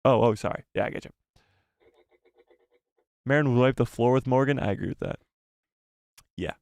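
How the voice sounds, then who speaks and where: A male live-stream host with a gravelly, fry-edged voice, chatting casually with viewers about fandom news. He rambles and jokes at his own expense, speaking close to the mic in a dry, dead room. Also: medium pitch, normal speed, a little mellow, no room sound. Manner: self-deprecating, jokey and rambling. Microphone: close desk microphone.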